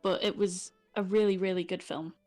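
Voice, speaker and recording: A woman's voice: mid-range voice, level tone, normal speed, a little mellow, no echo, faint music behind. A woman from York with a Yorkshire accent, chatting casually as a guest on a stream, with plenty of fillers. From York, England. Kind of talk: casual chat.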